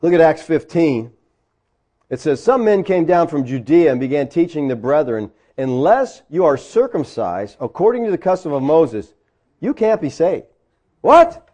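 A man's voice: fairly high pitch, mellow. A man preaching a sermon, conversational and full of rhetorical questions. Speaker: pastor.

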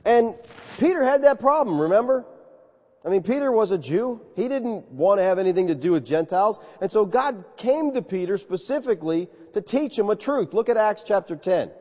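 A man preaching a sermon in an animated, conversational way, calling his listeners folks. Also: sits high, normal speed. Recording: reverberant hall, slightly dull sound.

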